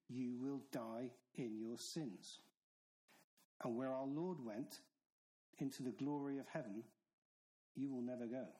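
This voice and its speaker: A man's voice: medium pitch, a little mellow, poor audio. A man preaching a sermon in an earnest, stern manner, with emphatic repetition. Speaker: pastor.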